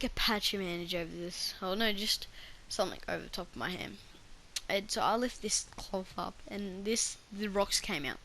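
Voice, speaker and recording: A woman's voice: medium pitch, sharp tone, slight background noise. A woman vlogger telling a personal story in a casual, rambling way, full of restarts and fillers.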